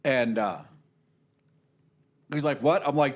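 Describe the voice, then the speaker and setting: In a medium-pitched voice at a moderate pace, a man spins a long, casual golf tale. He's a lively, profane storyteller who voices the quotes of the people involved.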